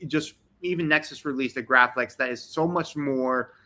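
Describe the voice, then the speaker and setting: A man's voice: mid-range voice, normal speed, bright, forceful tone. A man talking enthusiastically and at length as a guest on a livestream video call. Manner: enthusiastic, rambling. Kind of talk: casual livestream chat.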